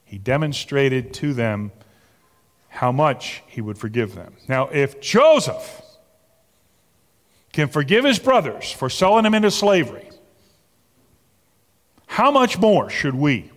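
Slow, animated pastor in a reverberant hall. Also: male voice, mid-range voice. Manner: slow, emphatic, rising to animated exclamations. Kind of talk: sermon. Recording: long reverb of a large hall.

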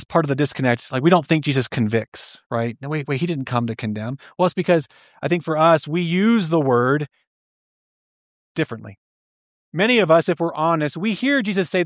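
A man preaching a sermon in an earnest, questioning way, explaining slowly and restarting phrases. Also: on the high side, lively intonation, no echo, studio quality. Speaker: pastor.

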